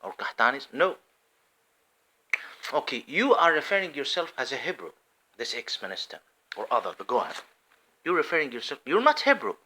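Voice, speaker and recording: A man delivers a passionate religious monologue in a bright, forward voice. His pitch leaps widely as he stresses points. He swings between forceful outbursts and low, hushed asides. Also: lively intonation, brisk, pauses often. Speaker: religious commentator. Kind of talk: impassioned monologue.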